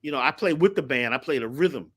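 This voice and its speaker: A man with a bright, ringing voice tells his stories with lots of energy. His pitch climbs high and dips low as he acts out the people in them. He talks casually and drops slang as he goes. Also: lively intonation, fairly quick. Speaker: guest. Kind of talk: animated storytelling.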